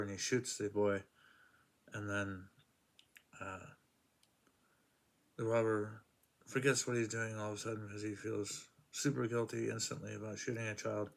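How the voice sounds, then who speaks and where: Low gravelly guy rambling through comic reviews, lots of uhs. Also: level tone, moderate pace, long pauses. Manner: rambling, many fillers, retells plots. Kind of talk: casual spoken review.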